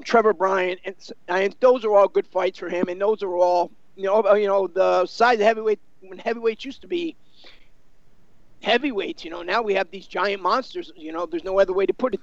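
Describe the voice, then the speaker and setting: A man's voice: high voice, vocal fry, dry recording, lo-fi sound. A man giving casual, rambling boxing analysis, filling his talk with many you-knows. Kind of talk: casual sports discussion.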